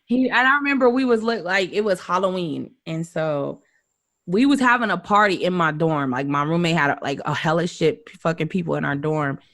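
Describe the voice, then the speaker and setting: Gravelly young woman chatting, dry mic, acts out what people said. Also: fairly low pitch, moderate pace, dry recording. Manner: animated storyteller who acts out quotes with laughs. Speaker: guest's wife on a podcast. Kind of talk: casual storytelling chat.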